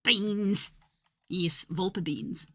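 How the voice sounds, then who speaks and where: A woman's voice: fairly low pitch, very slow, background noise. A young woman streaming live, chatting casually and commenting on her work while she edits a video.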